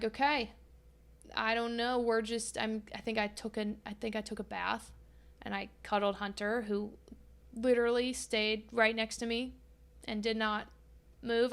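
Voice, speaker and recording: A woman's voice: on the high side, fairly bright tone, clear, resonant tone. Candid, swearing young woman telling a story. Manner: candid and profane, reenacting her own past dialogue. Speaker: podcast host. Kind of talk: personal storytelling monologue.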